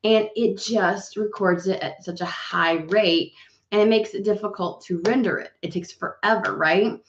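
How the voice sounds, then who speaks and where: A woman's voice: medium pitch, steady tone, normal speed. Rambling, swearing woman in a roomy room. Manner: rambling and chatty, swears freely. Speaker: tarot reader hosting a live stream. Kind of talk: casual live-stream chat. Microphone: webcam. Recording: roomy, slightly dull home webcam audio.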